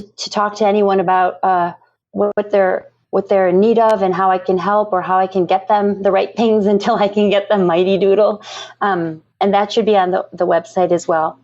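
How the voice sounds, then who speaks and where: A woman's voice: mid-range voice, darkish tone. A woman, a nonprofit founder, talking earnestly and passionately in a podcast interview, often repeating herself. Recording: muffled lo-fi audio.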